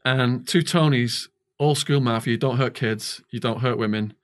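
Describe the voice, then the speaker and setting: A man's voice: mid-range voice, moderate pace. English man telling a prison story. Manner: animated storyteller acting out quoted dialogue. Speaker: podcast guest. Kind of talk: storytelling interview.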